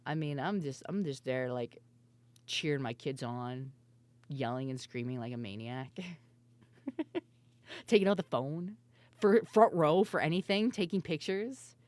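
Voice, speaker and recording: A woman streamer chatting casually and loudly with her viewers, laughing often and swearing freely. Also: low voice, lively intonation, unhurried, pauses often. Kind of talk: casual live-stream chat.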